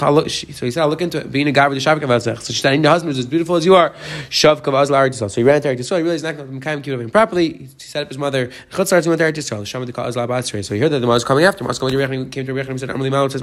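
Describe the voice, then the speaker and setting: A man giving a daily Talmud page lesson, reading the Aramaic text in quick bursts and explaining it in English. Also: medium pitch. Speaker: Talmud teacher.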